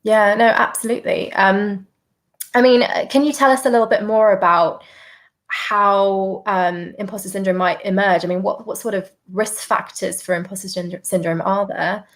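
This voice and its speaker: A woman's voice: mid-range voice, fairly even intonation, normal speed. A woman who used to be a doctor, hosting a podcast interview, speaking reflectively with frequent fillers and repeated words. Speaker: podcast host, former doctor. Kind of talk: conversational interview.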